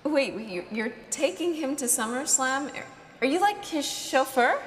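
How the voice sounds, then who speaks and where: A woman's voice: sits high, animated, unhurried, very noisy. A woman acting in a comedy skit, mocking and giggly. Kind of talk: comic sketch acting. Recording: echoey room with long reverb.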